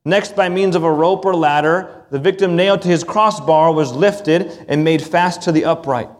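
Man, preacher, earnest sermon, emphatic, fairly high voice, long hall reverb. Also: moderate pace.

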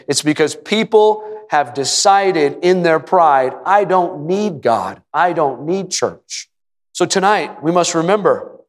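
A male pastor preaching a sermon in a church, building to emphatic repeated phrases and sometimes shouting. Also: a little high. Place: church sanctuary. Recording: long hall reverb.

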